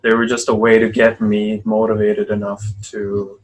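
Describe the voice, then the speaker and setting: A man's voice: lowish voice, completely flat delivery, moderate pace, low-quality recording. A man in his twenties hosting a casual podcast chat, easygoing and self-deprecating. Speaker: podcast host.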